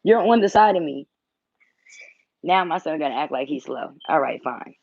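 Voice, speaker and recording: A woman's voice: sits low, expressive, moderate pace, gravelly, a little mellow, husky, dry recording, muffled recording. Blunt woman chatting on a home livestream. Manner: blunt, teasing, swears freely. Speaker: tarot reader and channel host. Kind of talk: casual livestream chat.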